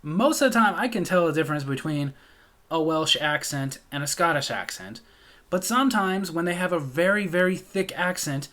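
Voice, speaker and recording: A man's voice: fairly high pitch, animated, moderate pace, a bit bright. An American man telling a comedic story from his life in a sardonic, exasperated way. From United States.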